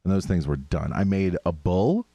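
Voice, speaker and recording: In a dry, dull-sounding recording, a podcast co-host with a deep, slightly rough voice speaks at a moderate pace. He's an animated storyteller in casual chat and laughs a lot.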